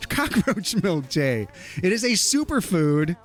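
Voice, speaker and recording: A man with a fairly high voice hosts a livestream at a measured pace, chatting casually and reading viewer comments aloud. He's animated and lively and laughs often, with faint music in the background.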